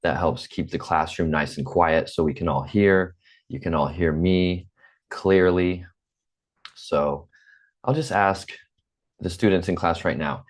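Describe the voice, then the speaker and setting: Over a video call, a U.S. man in his forties teaches English online, using a computer mic. He speaks with a General American accent in a low voice, going slowly and patiently and repeating himself.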